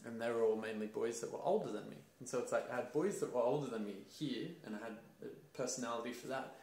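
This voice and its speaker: A young man with a medium-pitched voice talks quickly as host of a casual conversation about masculinity. He tells stories energetically, acting out other people's voices and laughing, and the recording carries a roomy echo.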